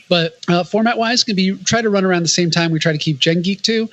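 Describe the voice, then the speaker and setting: A man co-hosting a podcast who explains things casually and slips in dry quips and offhand asides. His voice sits a little higher than most men's. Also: brisk, a bit bright, no echo, lo-fi sound. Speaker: podcast co-host. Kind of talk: casual chat.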